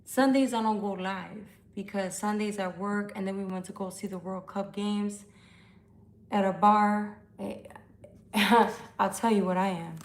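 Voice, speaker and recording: A woman's voice: medium pitch, fairly even intonation, unhurried. A tipsy woman tarot reader talking bluntly and profanely in a casual live-stream chat from home.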